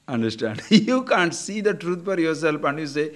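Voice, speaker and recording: A man's voice: a little high, big pitch swings, moderate pace, hardly any pauses. An older man giving a spiritual lecture, teasing and acting out little scenes. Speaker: spiritual teacher.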